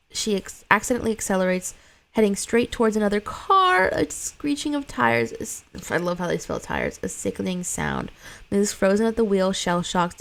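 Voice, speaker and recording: A woman's voice: mid-range voice, creaky. A woman reading a screenplay aloud, stage directions and all, breaking off for blunt, sweary side comments. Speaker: script reader.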